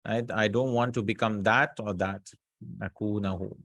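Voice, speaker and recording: A man teaching Arabic grammar in a casual class, explaining slowly and often checking with students. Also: on the low side, steady tone, fairly bright tone, no echo.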